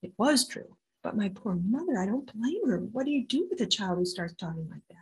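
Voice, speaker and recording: Breathy older woman telling a story. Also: mid-range voice, brisk, poor audio. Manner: animated storyteller, acts out voices. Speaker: intuitive healer guest. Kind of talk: storytelling interview.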